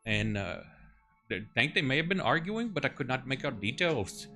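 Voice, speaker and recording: A man's voice: medium pitch, sing-song, moderate pace, pushed and bright, faint music behind, voice pushed up. A man voicing a nervous male cremation-ground keeper in a put-on Cockney accent, stammering and pleading. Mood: anxious.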